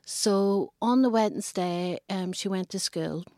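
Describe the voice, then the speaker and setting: A woman's voice: medium pitch, measured pace, mellow, no room sound, clean studio sound. A middle-aged woman, earnestly recounting a family story in an interview with small hesitations. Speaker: interviewee, mother.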